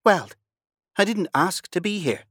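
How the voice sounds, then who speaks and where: A man's voice: high voice, animated, a little slow, a bit bright, dry recording, clean studio sound, voice pushed up, heavily acted. A man voicing a proud, prim young English noblewoman who speaks in a haughty, clipped way. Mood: indignant. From England.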